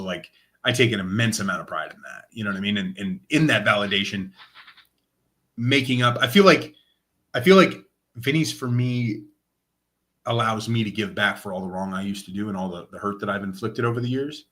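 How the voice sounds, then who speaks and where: The interviewee is a man with a fairly low voice and a brisk delivery, originally from Lane County, Oregon, who works as a nonprofit director of operations. He tells his story casually, bringing it to life by performing the quoted lines.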